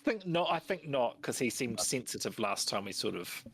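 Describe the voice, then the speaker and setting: A man with a gravelly, husky voice talks through a tabletop game, hesitant and questioning. His pitch swings up and down a lot as he thinks aloud. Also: sing-song, normal speed, fairly bright tone. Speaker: player. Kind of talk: casual tabletop game chat.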